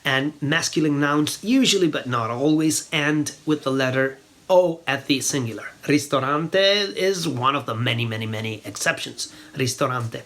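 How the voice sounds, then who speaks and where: A man's voice: mid-range voice, moderate pace, fairly bright tone. A man from northern Italy with a northern Italian accent, a native Italian speaker, teaching Italian in English and patiently repeating words to show how they are said. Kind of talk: explanatory language lesson.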